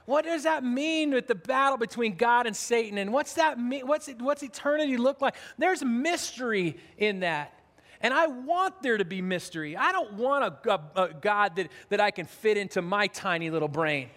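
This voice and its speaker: A man's voice: extremely high pitch, lively intonation, moderate pace, fairly bright tone. A man preaching a sermon as a pastor, conversational and self-deprecating, often restarting his sentences. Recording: long hall reverb.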